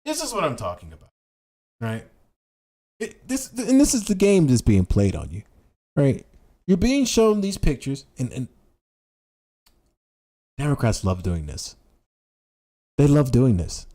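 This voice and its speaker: A man's voice: medium pitch, huge pitch swings, unhurried, pauses often, warm tone. A man ranting casually about politics, reading headlines aloud, stumbling and restarting, hammering points with repetition. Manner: stumbling over words, many restarts; emphatic, repeats phrases for effect. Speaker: political commentary streamer.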